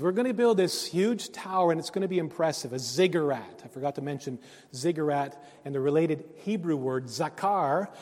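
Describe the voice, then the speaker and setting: A man preaching a sermon, earnest, rising to loud emphasis and dropping to hushed phrases. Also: a little high. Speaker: pastor. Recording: long reverb of a hall.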